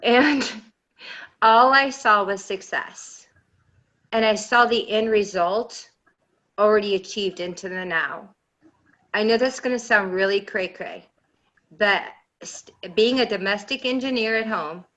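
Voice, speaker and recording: Bright-voiced woman telling stories. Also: medium pitch, low-quality recording. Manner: rambling, enthusiastic storytelling. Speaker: panel guest. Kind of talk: round-table discussion.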